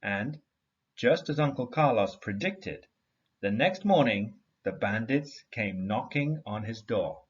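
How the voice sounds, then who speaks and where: A man reading a story aloud to a class in an expressive storytelling manner. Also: mid-range voice, slow, highs cut off. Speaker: teacher.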